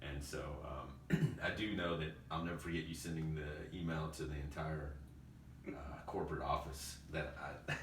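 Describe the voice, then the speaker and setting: A man hosting a podcast, telling old work stories in a casual, animated way, laughing often and calling his friend dude and bro. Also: rumbling low, normal speed. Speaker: podcast host. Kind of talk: casual storytelling chat. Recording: roomy echo, distant mic, faint noise.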